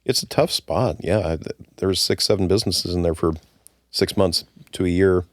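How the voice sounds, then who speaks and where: A man, a former brewery owner, talking casually as a guest in an interview, relaxed and halting with restarts. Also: low-pitched, dry recording, studio quality. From United States.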